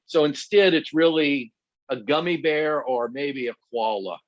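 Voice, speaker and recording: A man's voice: fairly high pitch, unhurried. A middle-aged man, a guest pastor and counselor, teaching conversationally through personal stories and laughing at himself. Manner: animated storyteller who laughs at himself. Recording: dull lo-fi dry sound.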